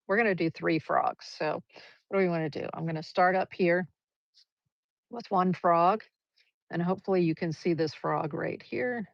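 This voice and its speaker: This is a woman giving a live painting lesson, her low voice carrying a gravelly edge. She chats and encourages as she explains every stroke. The livestream audio sounds dull and lo-fi, dry with no room echo. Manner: chatty, encouraging, talks through each brushstroke. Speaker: art teacher.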